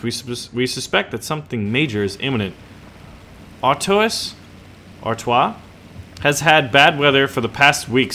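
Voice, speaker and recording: Man doing a German-accented WWI officer, formal and stern, bright tone, clipped military orders for a game video. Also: medium pitch, slight background noise. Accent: put-on German accent.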